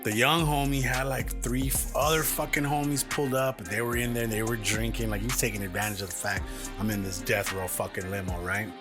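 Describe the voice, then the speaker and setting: A man's voice: mid-range voice, steady tone, a little fast. A man co-hosting a podcast, casually retelling a long story with lots of swearing and fillers. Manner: profane, rambling retelling with many fillers. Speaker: podcast co-host. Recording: music playing behind.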